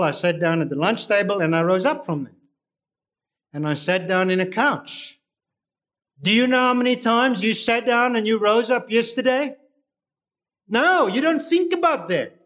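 A man preaching a sermon, reading scripture and explaining it with slow, deliberate emphasis. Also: high-pitched, lively intonation, a bit bright.

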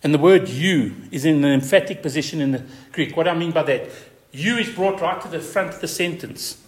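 A man preaching a sermon as pastor, stressing key words with repetition and rising to high emphatic peaks. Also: fairly quick.

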